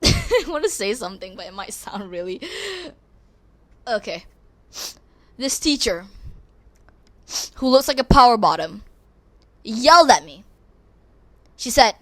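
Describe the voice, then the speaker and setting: Woman, podcast host, casual monologue, expressive, bright tone. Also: fairly high pitch, a little slow, long pauses. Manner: rambling, expressive, self-deprecating.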